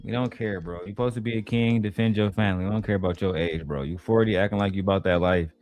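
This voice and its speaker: A man's voice: on the low side, steady tone, fast, a little mellow, faint music behind. A male host giving crude, mocking commentary in blunt slang while reacting to clips.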